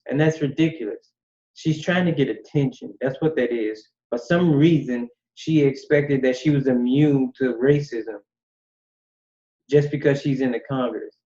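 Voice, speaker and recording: A man's voice: mid-range voice, darkish tone. A man giving blunt, dismissive casual commentary, recorded with slightly dull lo-fi sound. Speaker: commentary host.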